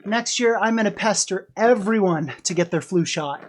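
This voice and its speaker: A man's voice: sits high, normal speed, a little hiss or hum. A sick, weak man talking in a casual vlog from indoors, out of breath, sighing and swearing as he rambles. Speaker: streamer vlogging about being sick. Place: indoors at someone else's house.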